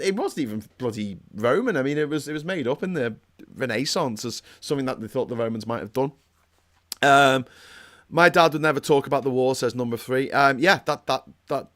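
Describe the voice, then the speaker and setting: A man's voice: medium pitch, fairly bright tone. A man hosting a casual political commentary livestream. He rambles and restarts often, gets heated, and reads out viewer comments. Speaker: host.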